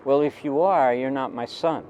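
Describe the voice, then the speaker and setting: A man's voice: mid-range voice, moderate pace, a little mellow, a little hiss or hum, lightly acted, rough recording. An older man voicing his stern middle-aged doctor father, who scolds with incredulous questions. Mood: suspicious.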